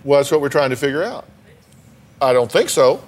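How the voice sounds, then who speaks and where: A man's voice: mid-range voice, lively intonation, a little fast. A man hosting a daytime talk show, blunt and teasing as he challenges his guests.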